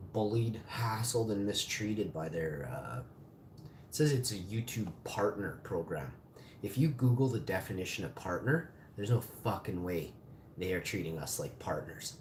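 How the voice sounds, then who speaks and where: A man's voice: lowish voice, darkish tone, slight background noise. A man in his forties ranting angrily on a live stream, cursing and bitter. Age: 40s. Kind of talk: angry live-stream rant. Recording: echoey room, faint ambience.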